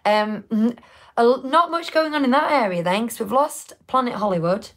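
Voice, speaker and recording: A woman's voice: a little high, expressive, normal speed. Woman, podcast co-host, rambling chatty delivery, casual live chat.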